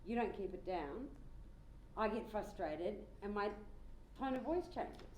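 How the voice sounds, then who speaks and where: A woman's voice: medium pitch, expressive, a little slow, lightly acted. A woman playing a frustrated coworker in a mediation role-play, blunt and exasperated as she explains her grievance. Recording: roomy with faint crowd and noise.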